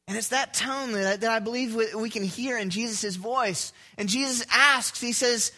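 Male pastor, sermon, high, sharp voice, vivid storyteller. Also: moderate pace, few pauses. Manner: vivid storytelling, asks the congregation questions.

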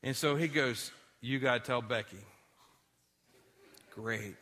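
Guy preaching in church, bright voice, tells stories all animated. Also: mid-range voice, slow pace, pauses often. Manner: animated storytelling, drops to quiet tones for sad moments. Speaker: pastor. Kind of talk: sermon with personal story.

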